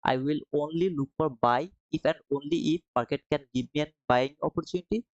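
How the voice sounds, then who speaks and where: A man's voice: fairly high pitch, fairly quick, no room sound, muffled recording. A man hosting a live trading stream, reading viewers' comments aloud and answering them in a friendly, casual way, calling them brother and man.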